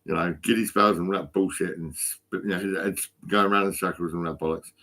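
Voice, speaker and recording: A man's voice: sits low, fairly even intonation, fairly quick, a bit bright. A stoned man rambling and swearing constantly into his phone for a vlog. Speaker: vlogger.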